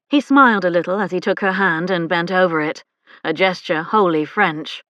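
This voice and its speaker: A woman narrates a novel in a calm, even way, her voice sitting on the low side. The recording is close and dry with no room sound, and a little dull in the top end. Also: normal speed, dry recording. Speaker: audiobook narrator. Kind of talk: scripted narration.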